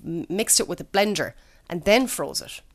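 A woman's voice: on the low side, animated, moderate pace. An Irish woman co-hosting a casual chat, explaining things step by step in a practical way. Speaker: podcast co-host.

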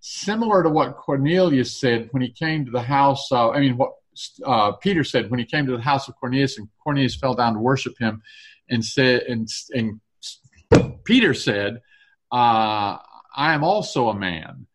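A man's voice: mid-range voice, lively intonation, normal speed. A man leading a casual Bible study discussion, reading verses aloud and thinking through their meaning.

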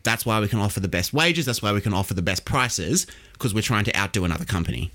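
A man's voice: fairly low pitch, animated, quick pace, sharp tone. An Australian man hosting a podcast, explaining history casually and quizzing his co-host.

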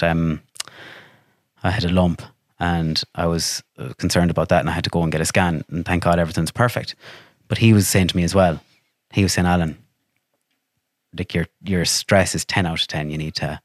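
A man with an Irish accent, a podcast guest telling stories in lively, profane casual chat and acting out what people said. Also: sits low, brisk, no room sound, clean studio sound. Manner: animated, swears freely, acts out quotes.

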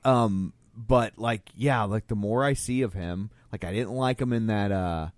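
A man co-hosting a casual movie podcast, tossing in quick jokes and asides. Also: lowish voice, no echo. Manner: joking, quick quips. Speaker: podcast co-host. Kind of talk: casual movie review chat.

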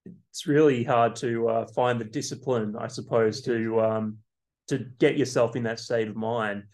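A man hosting a podcast, asking thoughtful questions in a relaxed way. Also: mid-range voice, moderate pace. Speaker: podcast host. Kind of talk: casual podcast interview.

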